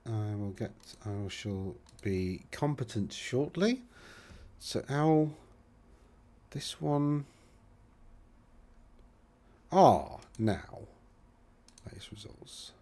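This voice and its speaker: A man's voice: medium pitch, extremely slow, pauses often, dark tone. A man hosting a casual commentary, rambling and thinking aloud with self-deprecating asides as he browses results. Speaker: host.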